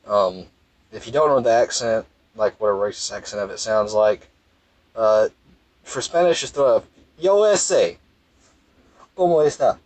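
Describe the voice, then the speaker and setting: A man's voice: fairly low pitch, moderate pace, dry recording, poor audio. A tired young man from Mississippi, rambling wryly in a casual vlog from his parked car. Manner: rambling, self-interrupting, wry. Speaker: gaming vlogger. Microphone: phone.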